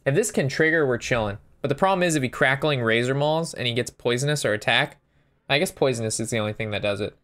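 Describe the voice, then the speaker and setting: A man's voice: mid-range voice, fast talker, a bit bright. A man giving casual gameplay commentary, thinking through his moves aloud and sometimes breaking into a sweary rant. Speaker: game streamer.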